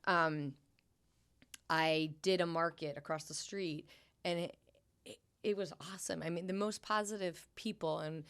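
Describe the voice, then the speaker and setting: A woman's voice: fairly low pitch, fairly even intonation, unhurried, fairly bright tone, smooth. A middle-aged woman with a New England accent, a podcast guest chatting casually and acting out her own thoughts in a raised voice. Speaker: podcast guest, sign painter. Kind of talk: casual interview chat.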